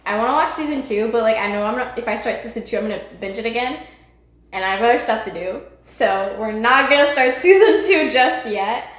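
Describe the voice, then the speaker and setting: A woman's voice: a little high, animated, a little fast. A young woman vlogging about books in a casual, gushing, rambling way, with lots of "like" and "honestly". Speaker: book vlogger. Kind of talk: casual chat to camera.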